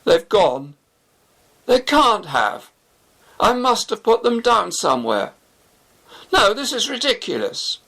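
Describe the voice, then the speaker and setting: A man voicing an anxious young man whose car has been stolen, raising his voice high. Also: animated, slow, creaky, full character voice. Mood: distraught.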